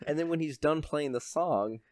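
A man's voice: a little high, moderate pace, dry recording, clean studio sound. A man co-hosting a podcast, chatting casually and retelling film scenes, often acting out quoted lines. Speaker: podcast co-host. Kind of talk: casual movie recap chat.

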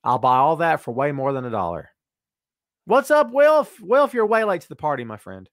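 A man hosts a podcast as an easygoing live-stream chat, reading out what viewers write and directing excitable jokes at the chat. His fairly high voice keeps a normal speed, and the studio-quality audio has no room sound.

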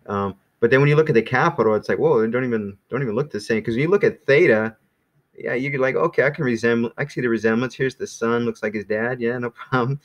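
A man teaching a small class in a relaxed, rambling way, with many ums and restarts. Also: medium pitch. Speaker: Greek teacher.

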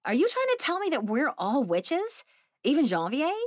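A woman's voice: sits high, huge pitch swings, normal speed, no echo, clean studio sound, pitched above the performer's own voice. A woman voicing a dazed young woman in her twenties, incredulous and full of questions.

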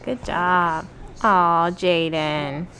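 A woman's voice: fairly low pitch, fairly even intonation, drawn-out words, sharp tone, a little hiss or hum. A young woman vlogging casually, chatting and playing with her toddler in a sing-song way. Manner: chatty, playful baby talk with her toddler. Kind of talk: casual family vlog.

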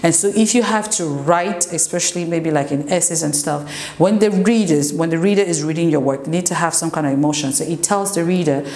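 A woman teacher explaining English grammar in a slow classroom lesson, sometimes switching into French. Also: low-pitched, darkish tone. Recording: echoey room with faint noise.

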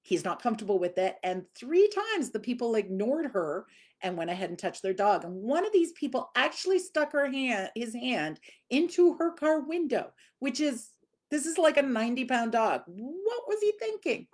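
A woman's voice: a little high, sing-song, normal speed, a little mellow. Chatty woman dog trainer. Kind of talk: live Q&A teaching.

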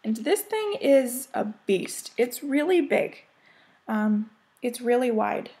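An American woman from the United States chats casually while showing off her cross-stitch projects, rambling and gushing over them in a show-and-tell style. Her voice sits high and is creaky with a darkish tone.

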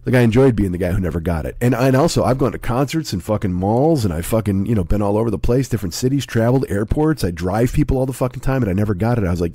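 A man in his forties with a hoarse, sick voice, rambling and swearing through a casual podcast monologue at home. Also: on the low side, fast, hardly any pauses, mellow, dry recording. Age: 40s. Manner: profane, rambling, self-deprecating. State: hoarse, sick with a sore throat. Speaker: comedy podcast host.

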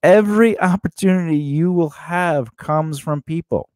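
A man's voice: a little high, measured pace, no room sound, clean studio sound. A man co-hosting a casual talk show, giving career advice and acting out quoted lines in different voices. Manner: animated, acts out quoted lines in changed voices. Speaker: podcast co-host.

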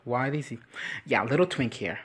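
A young man riffs through a casual comedic recap with a crude, sassy tone, slipping into quick impressions. His voice is slightly husky and sits at an ordinary middle pitch. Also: expressive, fairly bright tone. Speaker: reaction video commentator.

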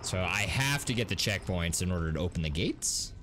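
A man hosting a gaming video, commentating a let's play in an excitable way, gasping and laughing as he plays. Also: low-pitched, a little fast, background noise. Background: game music.

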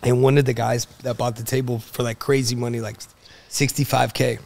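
A man's voice: medium pitch, brisk, gravelly. A man on a podcast, a guest telling stories casually and acting out the lines of the people in them. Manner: animated storyteller, acts out quoted dialogue. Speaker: guest, car broker.

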